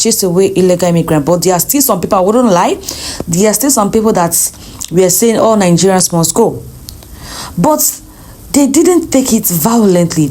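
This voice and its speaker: Woman commentator, mid pitch, emphatic opinion talk. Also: warm tone. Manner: emphatic, repeats herself.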